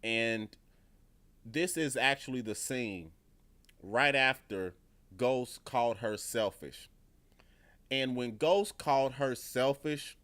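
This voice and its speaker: A man's voice: medium pitch, sing-song, slow pace, a bit bright. Man swearing through a casual TV review. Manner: profane, emphatic, repeats himself. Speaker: TV show reviewer.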